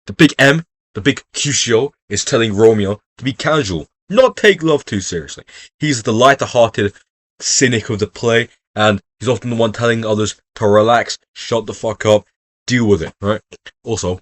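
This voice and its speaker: A man's voice: on the low side, dry recording. Rambling, swearing young man. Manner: rambling, profane, jokey. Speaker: revision video host. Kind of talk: casual exam revision talk.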